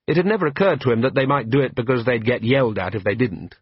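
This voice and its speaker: A man narrates a comic fantasy audiobook with a dry, wry touch, at a middle pitch. His voice is a little husky, and the recording is close and dead, with a muffled, dull tone. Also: fast talker, no room sound. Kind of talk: scripted narration.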